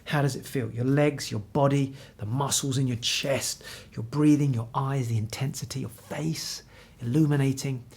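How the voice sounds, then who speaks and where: Husky-voiced man coaching on camera. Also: mid-range voice, moderate pace. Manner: energetic, encouraging, direct address to viewer. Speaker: confidence coach. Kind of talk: motivational talk to camera. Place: indoor room with pictures on the wall.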